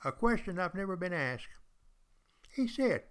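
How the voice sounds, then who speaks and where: A man's voice: high-pitched, big pitch swings, measured pace, pauses often, fairly bright tone, clear, resonant tone. An older man, hosting a podcast in a folksy, chatty storytelling monologue aimed straight at his listeners. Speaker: podcast host and retired college teacher.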